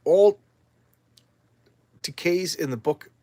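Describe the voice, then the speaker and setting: A man's voice: high-pitched, takes it slowly, dark tone, no echo, voice pushed up. A man voicing a sorrowful male swamp plant creature, reading in a subdued, grave way.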